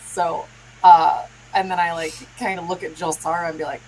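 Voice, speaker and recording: A woman playing a tabletop game, giggly and drawn-out. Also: on the low side, fairly even intonation, darkish tone, a little hiss or hum, low-quality recording. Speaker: player.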